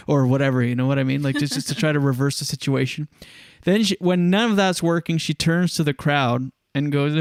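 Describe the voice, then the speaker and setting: Male talk-show host, a touch high-pitched, smooth clear voice, dry close mic, animated recaps that act out every quote. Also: fairly quick, few pauses, no room sound. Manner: animated, acts out quotes, laughs often. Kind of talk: casual commentary on viral clips.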